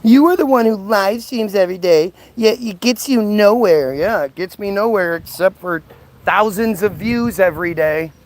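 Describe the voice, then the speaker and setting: A high-pitched man speaks at a normal speed on a livestream, ranting at his chat. Combative and mocking, he reads viewer comments aloud and argues back at them.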